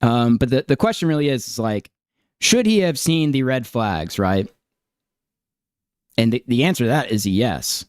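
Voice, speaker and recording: Male stream host, mid-pitched smooth clear voice, dry close sound, casual incredulous commentary with ums. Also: expressive, moderate pace, pauses often, dry recording. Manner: incredulous, hedging, many fillers. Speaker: stream host reacting to clips.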